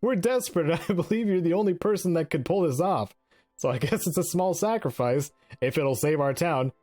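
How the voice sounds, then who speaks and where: A man's voice: fairly high pitch, lively intonation, fairly quick, dark tone, faint music behind, voice pushed up, lightly acted. A man voicing a desperate village man who pleads earnestly for help. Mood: pleading.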